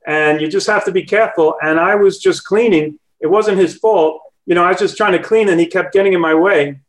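A man's voice: sits high, fairly quick, low-quality recording. A man calling in to a talk show, telling a story in a rambling way and often correcting himself mid-sentence. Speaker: caller. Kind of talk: casual phone-in chat.

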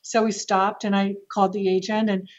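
Animated storytelling woman, dull lo-fi sound. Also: mid-range voice, a little fast. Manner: animated, with laughs and restarts. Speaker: real estate agent and podcast guest. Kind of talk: casual storytelling interview.

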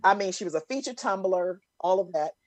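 A middle-aged woman chatting casually, telling animated stories and acting out the voices of other people. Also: fairly low pitch, a little fast, no room sound. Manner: animated storytelling, acts out voices. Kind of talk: casual chat.

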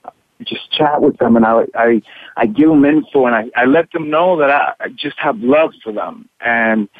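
An actor being interviewed by phone from his room, talking haltingly with many restarts and repeated words. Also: medium pitch, no echo. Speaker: actor guest. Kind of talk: candid interview over the phone. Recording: tinny dry phone line.

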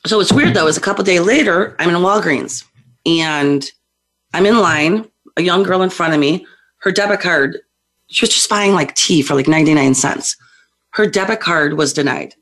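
A woman guest on a call-in show, a psychic medium telling stories in a lively, feisty way. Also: lowish voice, normal speed. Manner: lively, feisty, acts out voices in her stories. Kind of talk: animated storytelling on a call-in show.

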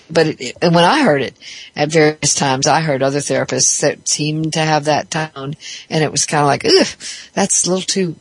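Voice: mid-range voice, no room sound. A therapist giving a reflective, explanatory talk on psychology, thinking aloud with frequent restarts.

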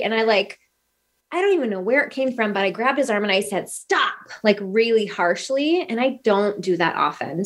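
A woman in her thirties, a podcast guest, talking earnestly and telling stories with lots of quoted dialogue. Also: on the high side. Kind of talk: casual podcast conversation.

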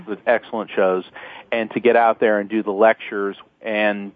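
A man's voice: on the low side, level tone, normal speed. A middle-aged man, a guest attorney and author, telling stories earnestly with lots of fillers and restarts in a phone-in radio interview. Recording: tinny phone-line sound.

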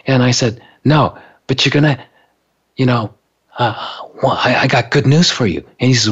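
A man telling a story in a casual, animated way, acting out what people said and laughing along. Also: medium pitch, moderate pace, breathy edge, muffled recording. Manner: animated, acts out quoted voices, laughs while telling.

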